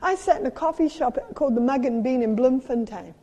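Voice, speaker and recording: A middle-aged woman with a South African accent, preaching a sermon as a traveling minister, moving between lively personal stories and emphatic urging. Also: high voice, a little fast, lo-fi sound. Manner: animated storytelling with playful sound effects and emphatic exhortation. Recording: long hall reverb.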